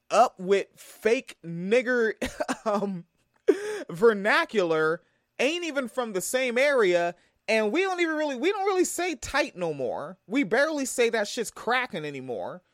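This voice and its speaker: A man's voice: high voice, very animated, measured pace, dry recording, clean studio sound. A man from Tacoma giving a profane, heated reaction commentary. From Tacoma, Washington. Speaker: video commentator.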